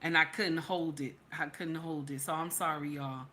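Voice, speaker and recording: Woman host, forceful bright voice, tearful and emphatic, slightly low pitch. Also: steady tone, normal speed. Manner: emphatic, repeats herself, preachy. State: tearful after crying. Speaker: channel host. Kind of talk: live-stream reaction vlog.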